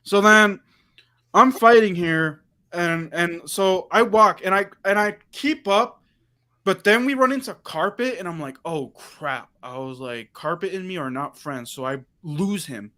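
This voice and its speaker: High-voiced man telling a story casually. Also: a little slow. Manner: animated storyteller, quoting himself and others in reported dialogue. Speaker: livestream host. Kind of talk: casual chat.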